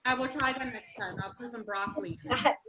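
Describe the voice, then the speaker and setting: A woman's voice: fairly high pitch, quick pace, background noise. A woman hosting a live cooking session for children, chatting with kids and parents and laughing often. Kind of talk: casual live cooking demo.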